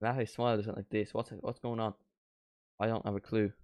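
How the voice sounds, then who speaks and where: A young man doing a live football watchalong, reacting to the match and chatting with viewers, bursting into shouts at big moments. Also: fairly low pitch, little pitch movement, fast, dry recording. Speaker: watchalong streamer.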